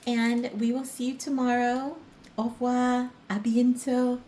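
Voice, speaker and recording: A woman's voice: fairly high pitch, flat delivery, unhurried, background noise. A middle-aged woman hosting a crafting vlog, chatting casually at home in a rambling, storytelling way full of fillers and light laughs. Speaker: crafting vlogger. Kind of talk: casual chat while crafting.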